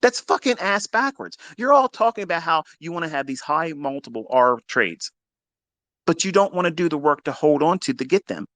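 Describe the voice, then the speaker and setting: A man's voice: fairly high pitch, expressive, normal speed, a bit bright, no room sound. Profane, emphatic male trading coach. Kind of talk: blunt motivational monologue.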